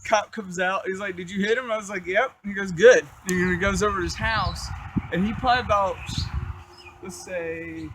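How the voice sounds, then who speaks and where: A man's voice: sits high, steady tone, moderate pace, noisy background. A young man telling a crude life story in a casual, rambling, profane way, full of fillers.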